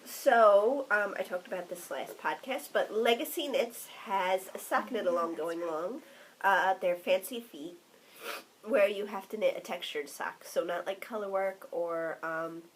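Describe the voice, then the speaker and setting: A woman co-hosting a crafts podcast in relaxed, giggly casual chat. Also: medium pitch, measured pace, low-quality recording. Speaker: podcast co-host.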